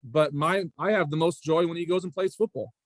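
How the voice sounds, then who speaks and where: A man in his forties, a high school basketball coach and athletic director, telling stories in a casual interview with a rambling manner, often circling back with "again" and "right?". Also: fairly quick, no room sound. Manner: rambling, repeats "again" and "right?", frequent restarts.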